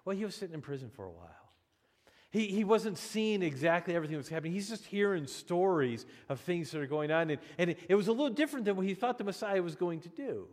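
A man preaching a sermon as pastor, in an animated, conversational way with frequent restarts. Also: a little high, a little fast. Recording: long hall reverb.

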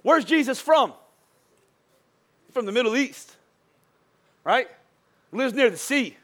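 A man preaching a sermon as a pastor, his voice worn from speaking all day. He tells jokey stories and drops soft and slow for the serious points. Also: extremely high pitch, animated. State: voice wearing out from a long day of preaching.

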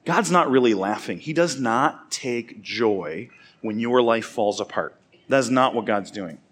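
A man preaching a sermon in an easygoing, conversational way. His voice sits in a middle pitch. He weaves a personal story into the teaching and speaks directly to the people listening. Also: lively intonation, measured pace. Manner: casual, chatty, laughs through his story.

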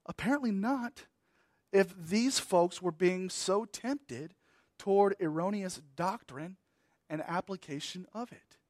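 A pastor with a high voice preaches a sermon slowly and deliberately, repeating words to give them weight. He shifts between loud, emphatic bursts and soft, trailing phrases, and the recording is close and dry without room echo.

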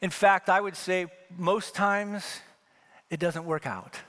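A man's voice: sits high, fairly even intonation, slow, fairly bright tone. A middle-aged male pastor from Wyoming preaching a sermon, telling a story and acting out the dialogue with rising emphasis.

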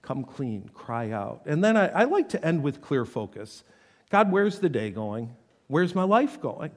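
A man's voice: on the high side, sing-song, a little slow, big-room sound. A man preaching a sermon, reading scripture aloud with dramatic intensity. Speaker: pastor.

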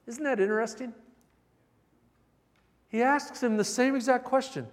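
A man preaching a sermon as a pastor, animated, shifting between loud emphatic bursts and soft, intimate passages. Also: very high-pitched, a little slow, big-room sound.

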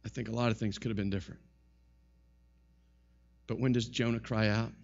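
A man preaching a sermon in an animated style, his voice rising and falling sharply. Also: on the low side, brisk, creaky, muffled recording. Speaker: pastor.

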